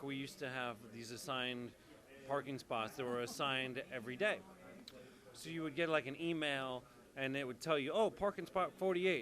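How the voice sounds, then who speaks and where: A man, a soap opera actor, telling a casual anecdote and acting out the loud quotes. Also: mid-range voice. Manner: animated storytelling, acts out quotes loudly.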